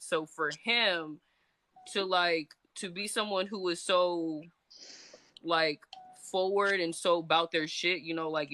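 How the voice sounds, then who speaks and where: A woman's voice: on the low side, bright, forceful tone, no room sound. A woman who is a guest on a livestream, talking casually and rambling, hedging her points with lots of fillers. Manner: rambling, hedging, full of "like" and restarts.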